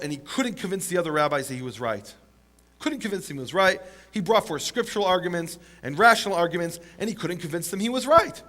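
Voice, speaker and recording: A man telling a story in a sermon, animated, acting out the quotes with big jumps in pitch and chuckling along. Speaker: teacher of the Bible.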